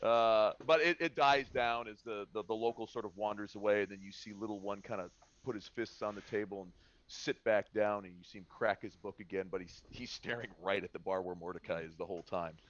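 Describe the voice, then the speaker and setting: A man narrating as game master in a tabletop game, halting and full of filler sounds. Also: on the low side, a bit bright, dull audio.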